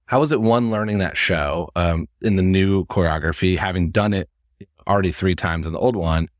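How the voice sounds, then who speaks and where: A man with a very low, deep voice hosts a podcast interview and asks long questions in a relaxed, rambling way. The sound is dry and close, with no room echo. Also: normal speed. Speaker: podcast host. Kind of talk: casual interview.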